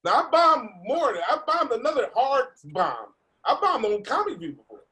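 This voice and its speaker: A man, a comedian, telling an animated story over a video call, laughing and acting out the voices of other people. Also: very high voice, moderate pace, a crowd in the background. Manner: laughing, acts out voices in his stories. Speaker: comedian guest.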